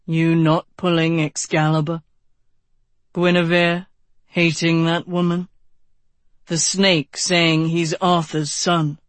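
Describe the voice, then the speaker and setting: An audiobook narrator voices a calm, blunt, world-weary knight, pitching him a bit lower than the narration. The knight speaks in a dry, unhurried, frank way, lightly acted, with no echo.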